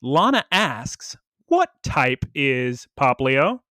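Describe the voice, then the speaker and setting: A man's voice: mid-range voice, very animated, very slow, sharp tone, dry recording, studio quality. A man co-hosting a podcast, recapping an episode in casual chat and slipping into little character voices. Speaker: podcast co-host.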